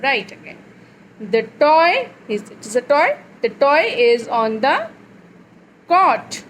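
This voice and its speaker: A woman teaching a young child phonics, reading words slowly and clearly and repeating them. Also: sits high, very animated, a bit bright, a little hiss or hum, low-quality recording.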